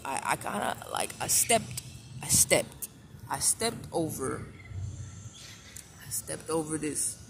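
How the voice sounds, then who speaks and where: A man telling a personal story in a casual vlog, blunt and profane, often restarting and repeating himself. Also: fairly high pitch. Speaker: vlogger. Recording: clear steady background noise.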